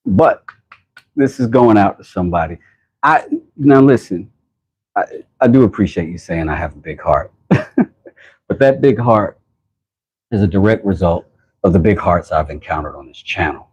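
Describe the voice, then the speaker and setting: An American man hosting a casual livestream, rambling and laughing as he gives shout-outs to viewers from his workshop. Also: sits low, expressive, moderate pace, long pauses, slightly rough. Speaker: channel host. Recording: dull lo-fi sound.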